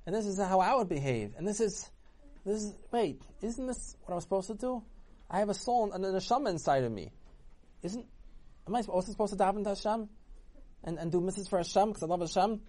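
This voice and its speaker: Man doing older male painter, remorseful, earnest, confessional, slightly high voice. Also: lively intonation, a little fast, mellow.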